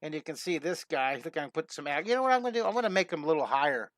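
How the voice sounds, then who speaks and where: A man's voice: on the high side, big pitch swings, fairly bright tone, no echo, studio quality. Eager man teaching drawing live. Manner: enthusiastic, chatty, greets viewers, quick cat sound effects. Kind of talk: live-streamed drawing lesson.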